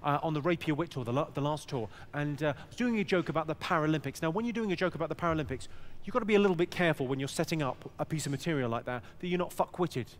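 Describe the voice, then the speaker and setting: A man's voice: on the high side, racing, hardly any pauses, slight background noise. A man doing a stand-up routine with dry, punchy delivery. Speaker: stand-up comedian.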